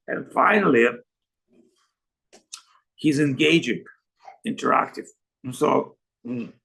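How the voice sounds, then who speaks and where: A man acting as a spiritual teacher, giving a talk over a video call. He tells joking anecdotes in halting, broken phrasing. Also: on the high side, vocal fry, fairly bright tone, husky, poor audio. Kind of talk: spiritual talk answering questions.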